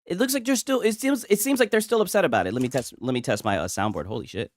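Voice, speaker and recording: A man's voice: medium pitch, fast. A man hosting casual gaming commentary from a home setup, talking in a profane, mocking way and laughing often.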